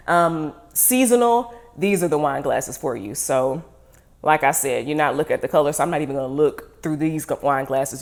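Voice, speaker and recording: Woman, slightly low pitch, chatty, playful, casual tasting talk. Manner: chatty, playful, self-teasing. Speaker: wine vlogger. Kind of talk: casual unboxing and tasting chat.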